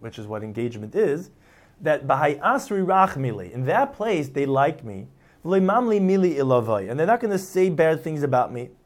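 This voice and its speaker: A man teaching a Talmud passage, reading phrases aloud and then explaining them in casual English, acting out the speakers now and then. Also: fairly high pitch. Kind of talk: explaining a text line by line.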